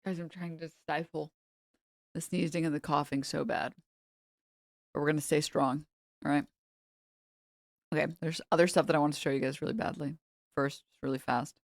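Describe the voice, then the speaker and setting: A woman's voice: steady tone, moderate pace, long pauses, no echo. Female streamer, sarcastic and profane, dry close sound. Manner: sarcastic, mocking, breaks into high laughter. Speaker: live streamer. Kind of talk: casual stream rant.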